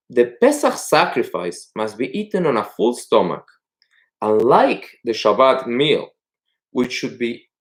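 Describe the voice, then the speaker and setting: A male rabbi teaching a text-study class, explaining passages and telling stories in an animated way. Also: medium pitch. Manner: animated storytelling, acts out characters.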